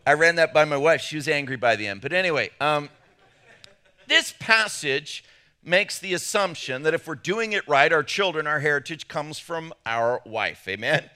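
A middle-aged male pastor delivers a joking sermon, acting out the voices of the people he quotes. His voice sits fairly high and bright, and it rises and falls widely.

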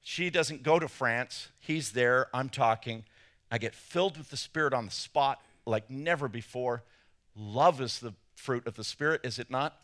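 A man preaching a sermon, telling a story in an animated way and acting out quotes with sudden loud jumps. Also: mid-range voice, a little slow. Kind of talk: sermon with personal anecdotes.

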